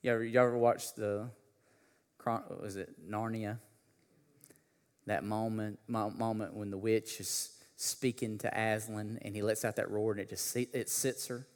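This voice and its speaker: A man preaching a sermon, talking casually with slang, then building to a loud, impassioned delivery. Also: lowish voice, flat delivery, a little slow, in a large hall. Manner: builds from conversational to shouting preacher intensity. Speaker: pastor.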